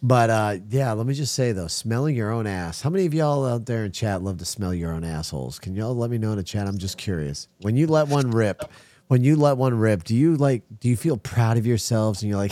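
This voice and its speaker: A man hosting a crude comedy podcast, telling stories loudly with lively put-on quotes. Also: on the low side, fairly quick, no room sound. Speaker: podcast host.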